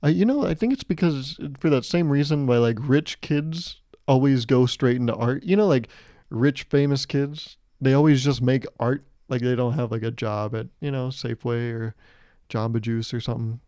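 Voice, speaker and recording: Rambling through a casual solo monologue, this podcast host in his twenties cracks jokes and mocks himself with acted-out quotes. He speaks at a normal speed in a mellow, mid-range voice, and the recording is dry.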